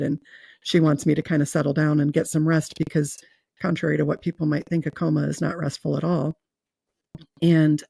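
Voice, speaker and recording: As an interview guest, a woman earnestly and emotionally recounts her near-death experience, her speech full of fillers and restarts. Her low voice is dark-toned with vocal fry, recorded dry with no room sound.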